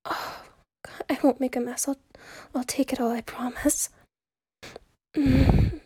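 A woman plays an eager, devoted young secretary in a whispered role-play, pleading in a breathy, intimate hush. Her voice sits high and moves slowly, recorded close and dry with no room around it. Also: fairly even intonation, no echo, heavily acted. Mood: breathless pleading.

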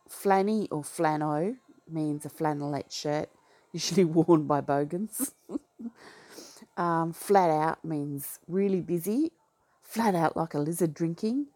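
A woman from Western Australia with an Australian accent, casually reading through a slang list and adding low-key asides and comments. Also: vocal fry. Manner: low-key, drops into soft asides, laughs at her own remarks. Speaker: vlogger.

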